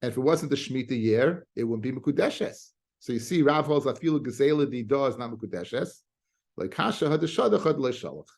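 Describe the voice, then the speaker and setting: A man's voice: medium pitch, animated, a little mellow. A rabbi teaching a daily Talmud class, reading Aramaic phrases and explaining them in casual English, often restarting his sentences. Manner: explains in a quick mix of Hebrew-Aramaic terms and English, with restarts.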